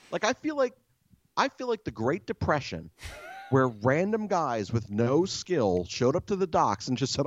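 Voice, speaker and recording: Exasperated man telling a story, lively. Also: mid-range voice, moderate pace, dry recording, lo-fi sound. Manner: animated, exasperated, swears a lot. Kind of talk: casual storytelling chat.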